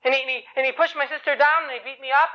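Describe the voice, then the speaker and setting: A man's voice: very high voice, steady tone, racing, lo-fi sound, voice pushed up. A man voicing a frightened young child who stammers. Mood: scared.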